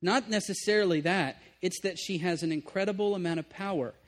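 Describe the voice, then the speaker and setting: A man preaching a sermon, moving between emphatic bursts and hushed asides, often checking in with the room. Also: high voice, fairly quick. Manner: conversational, checks in with listeners. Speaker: pastor.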